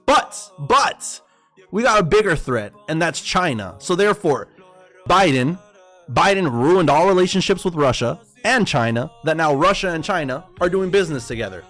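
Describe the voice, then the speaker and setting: A livestream host who trades forex rants casually but heatedly about politics, swearing freely and calling viewers boys. His slightly high voice is sing-song and fairly bright at normal speed, with soft music behind.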